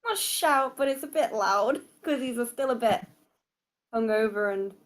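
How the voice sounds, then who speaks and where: A woman's voice: fairly high pitch, moderate pace. A woman playing a tabletop role-playing game, chatty and giggly as she describes what her character does. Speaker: player.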